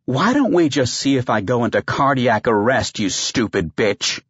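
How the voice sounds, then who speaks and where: A man voicing a disoriented, foul-mouthed older woman with shrill, indignant outbursts. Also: lively intonation, normal speed, slightly rough, dry recording, highs cut off. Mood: outraged.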